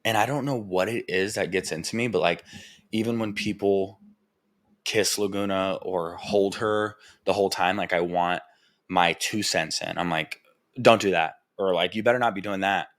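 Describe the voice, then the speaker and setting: A young man with a low voice talks candidly into a podcast mic. He rambles, swears freely and leans on filler words as he works through his thoughts. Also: steady tone, normal speed, fairly bright tone. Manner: rambling, frank and profane, full of "like" fillers. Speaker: podcast host. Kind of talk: candid personal podcast monologue.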